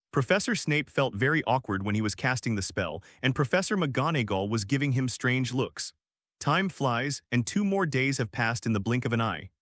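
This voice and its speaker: A man's voice: mid-range voice, a bit bright, dry recording. Man narrating a story in a dry, close voice. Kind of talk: audiobook narration of fan fiction.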